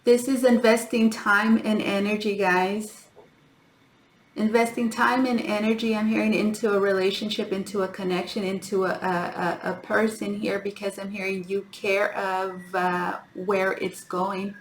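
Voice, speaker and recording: A woman giving a tarot reading to her viewers, talking in halting starts and repeats and often addressing them as guys. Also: mid-range voice, flat delivery, echoey room, slight background noise. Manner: halting, repeats herself, keeps saying "guys". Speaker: tarot reader.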